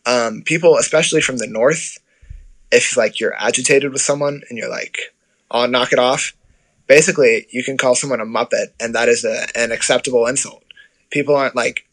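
A man's voice: mid-range voice, steady tone, brisk, fairly bright tone, poor audio. Chatty man talking casually. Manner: chatty, filler-heavy, self-correcting. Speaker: guest describing life abroad. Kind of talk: casual conversation.

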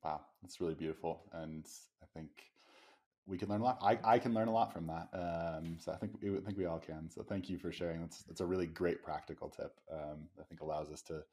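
A man with a very low voice hosts a podcast interview. He frames long questions slowly and with some hesitation, often pausing on ums. He responds to his guest in a reflective way. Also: steady tone, a little mellow. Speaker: podcast host. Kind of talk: interview conversation.

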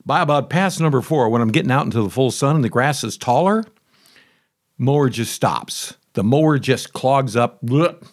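A man's voice: medium pitch, moderate pace. Guy rambling to the camera about his yard, chatty, keeps going off on asides, kinda grumbly. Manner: chatty, conversational, self-interrupting. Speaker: homeowner reviewing a lawn mower. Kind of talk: casual rambling storytelling.

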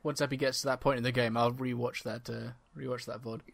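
A man's voice: medium pitch, level tone, fast talker, gravelly, no room sound. A man co-hosting a casual gaming podcast, dry and understated. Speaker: podcast co-host.

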